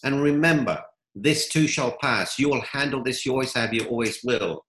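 A man's voice: mid-range voice, normal speed, a bit bright, roomy sound, slight background noise, rough recording. A man giving upbeat motivational answers in an interview, telling stories. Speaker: guest, coach.

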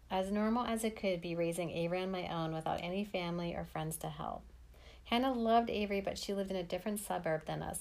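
A woman's voice: fairly low pitch, gravelly, darkish tone. A woman in her thirties narrating her own memoir in a plain, wry manner. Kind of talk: first-person memoir storytelling.

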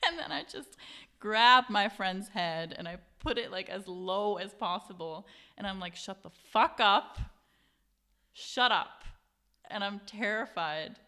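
Young woman, casual storyteller, animated with voices, swears freely. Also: mid-range voice, clear, resonant tone. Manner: animated, acts out quotes, swears, laughs often. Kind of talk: casual chat.

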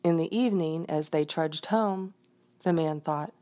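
A woman reading a folk tale aloud in an expressive storytelling manner. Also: deep voice, unhurried. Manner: expressive, voices the characters.

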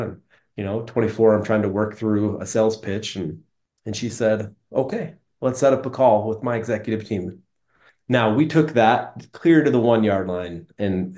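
A man's voice: lowish voice, dark tone. A man in his thirties from Utah, a business guest telling his career story in an earnest, conversational way. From Utah, United States. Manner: earnest, conversational, frequent restarts. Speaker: interview guest, business executive. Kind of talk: reflective storytelling.

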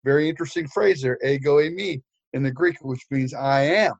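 A man's voice: medium pitch, brisk, no room sound, highs cut off. An older man preaching, telling a story with humor, with frequent fillers and restarts. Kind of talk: storytelling sermon.

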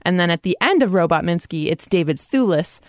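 Woman co-host, enthusiastic recap chat, lowish voice, dry. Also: expressive, brisk, no room sound. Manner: chatty, enthusiastic about references. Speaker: podcast co-host.

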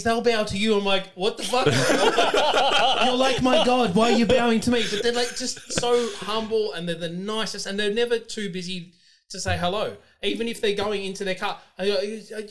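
A man telling excited stories in casual chat, swearing freely and using lots of fillers. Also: high-pitched. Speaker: podcast guest.

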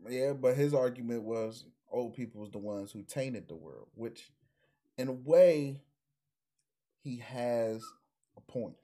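A laid-back co-host in a casual chat about shows, arguing points in easy slang. The pitch moves around a lot, so the voice sounds lively even when the talk is relaxed. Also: slow. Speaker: podcast co-host.

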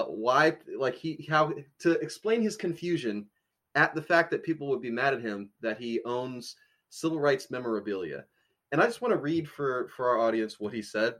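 A man co-hosting a podcast in loose, casual chat. He tells stories in an animated way, breaks into laughter and keeps a mid-range pitch. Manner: animated, laughing storyteller reading out quotes. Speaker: podcast co-host.

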